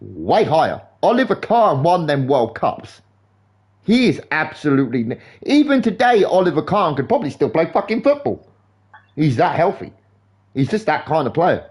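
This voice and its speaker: A young man streaming a game live, rambling in sweary, animated football banter. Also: on the high side, normal speed. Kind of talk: casual chat while gaming live.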